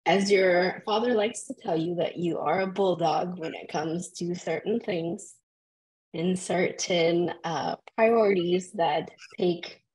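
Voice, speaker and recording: Woman, cast member, reads affirmations slowly, emotional and halting. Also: fairly low pitch, a little mellow, low-quality recording. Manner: emotional, halting, with pauses and fillers. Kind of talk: reading self-affirmations.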